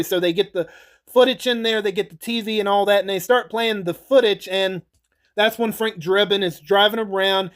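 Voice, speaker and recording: A man with a notably high voice talks through movie scenes in a loose, rambling recap. He is casual and a little crude, tossing in swear words and chuckles as he goes. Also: fairly even intonation, normal speed, fairly bright tone. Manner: rambling, chatty retelling with frequent laughs and swearing. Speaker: YouTuber reviewing movies.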